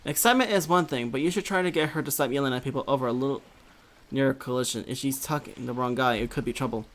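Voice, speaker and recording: A gamer voicing a calm, easygoing middle-aged father who speaks in a lowered voice. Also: quick pace, close to an everyday voice.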